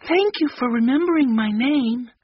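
A man reading a storybook aloud and voicing a shy, gentle young girl in a soft, high, polite voice, on a dull lo-fi recording. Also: lively intonation, normal speed, slightly rough, no room sound, exaggerated voice.

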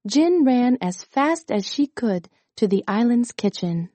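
A woman narrating a children's chapter book aloud in a calm, clear reading voice. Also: on the high side, unhurried, no echo. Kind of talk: storybook read-aloud.

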